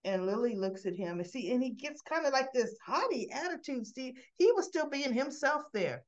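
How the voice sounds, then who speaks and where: A woman host chatting casually, retelling a story in an animated way with asides, with dull lo-fi sound. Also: high-pitched, moderate pace. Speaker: channel host recapping a soap opera.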